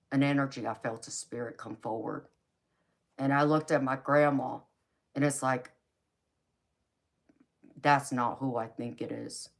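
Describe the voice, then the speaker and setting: A woman hosting a tarot livestream, telling a personal story in an earnest, emotional way, often stumbling over repeated starts. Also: a bass voice. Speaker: tarot reader hosting a live stream.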